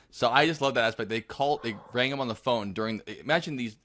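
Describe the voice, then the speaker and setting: Bright-voiced man telling a story. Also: mid-range voice, fast. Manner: animated, acts out quotes in voices. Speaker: podcast co-host. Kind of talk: casual storytelling chat.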